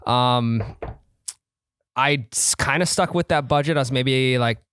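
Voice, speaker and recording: A young man chats on a casual podcast, his voice sitting at an ordinary middle pitch. He tells stories with playful, boastful energy. The sound is close and dry, with no room around it. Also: a little slow, clean tone, no echo. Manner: animated storyteller, playful and boastful. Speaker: podcast co-host. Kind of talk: casual chat.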